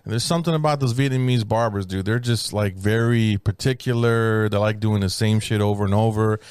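Brief: casual male co-host, profane and animated storyteller, ordinary pitch, dry close sound. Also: brisk, smooth, no echo. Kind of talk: casual chat.

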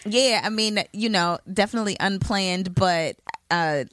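A woman's voice: mid-range voice, measured pace, a bit bright, no room sound. A woman co-hosting a podcast, talking loosely and candidly with lots of fillers and some swearing. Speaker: podcast co-host. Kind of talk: casual chat.

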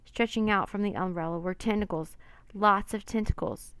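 Woman narrator, expressive children's book reading, dry. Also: mid-range voice, normal speed, clean tone, no room sound. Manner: expressive, dramatic.

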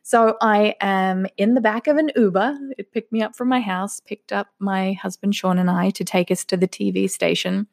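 A woman's voice: medium pitch, steady tone, moderate pace, vocal fry, hardly any pauses, no echo, clean studio sound. A woman in her late thirties from Australia with an Australian accent, telling stories in a casual solo podcast and laughing often. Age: 30s. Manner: chatty, laughs often, acts out quoted voices. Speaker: podcast host.

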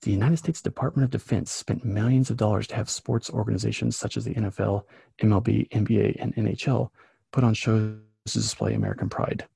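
Brief: male podcast co-host, low gravelly voice with a husky rasp, swears a lot. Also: a little fast, no echo. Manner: profane, animated storytelling. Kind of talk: casual podcast chat.

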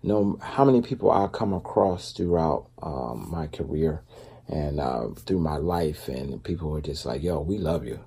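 Deep husky man talking casually. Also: animated, normal speed, warm tone. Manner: loose, conversational, with many fillers and asides. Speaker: vlogger. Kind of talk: casual faith-based talk.

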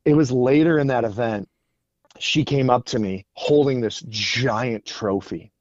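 A man's voice: medium pitch, unhurried, a little mellow, dry recording. A man who is a guest on a podcast, telling stories in an earnest way and often repeating words, on a dull lo-fi recording. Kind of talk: casual podcast interview.

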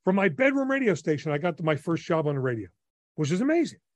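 A man in his sixties from New Jersey, a radio DJ telling stories in an enthusiastic, animated way as a podcast guest. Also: fairly high pitch, fast talker, no echo. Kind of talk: casual interview storytelling.

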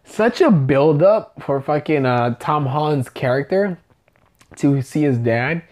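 A man's voice: fairly high pitch, expressive, measured pace, darkish tone. A drunk man rambling and swearing through a casual chat, calling his partner dude and bro.

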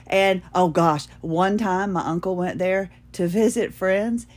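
A woman's voice: lowish voice, a little slow. A middle-aged woman, telling rambling, self-deprecating stories on her podcast and laughing at herself. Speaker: podcast host. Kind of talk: casual storytelling monologue.

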